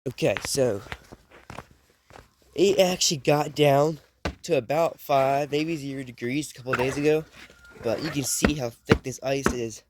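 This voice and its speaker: A young man with a drawl talks to the camera outdoors at a farm. His voice is still rough from a recent illness. He rambles in a relaxed, folksy way. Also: medium pitch, unhurried, long pauses, noisy background. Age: young adult. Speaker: outdoors vlogger. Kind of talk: casual chat to camera.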